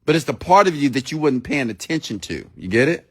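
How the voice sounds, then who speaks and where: A man's voice: medium pitch, big pitch swings, a little fast, fairly bright tone, husky. A man giving a motivational sermon-style talk, blunt and preachy, who swears freely and repeats himself for emphasis. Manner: addresses listeners directly with questions. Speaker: motivational speaker.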